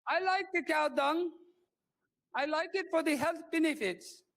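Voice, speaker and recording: A man's voice: very high-pitched, unhurried, vocal fry, fairly bright tone, heavily acted. A man doing an exaggerated put-on accent while ranting during public comment at a city council meeting. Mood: indignant ranting.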